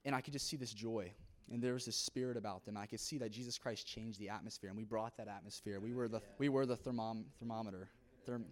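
Fast-talking young man giving testimony. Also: on the low side, steady tone. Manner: rapid, earnest storytelling with many fillers. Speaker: church youth member giving testimony. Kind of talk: church testimony.

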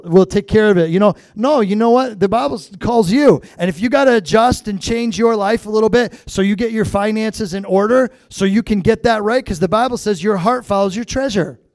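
A man's voice: high-pitched, darkish tone, no room sound, clean studio sound. A middle-aged man preaching a sermon as pastor, talking straight to the congregation in a conversational way with frequent asides.

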